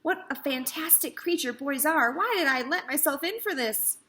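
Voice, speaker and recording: A fussy, self-pitying male rat from a children's story, put on by a woman reading aloud. He complains at length in a drawn-out, peevish voice that sits a little high. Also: lively intonation, sharp tone. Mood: grumbling.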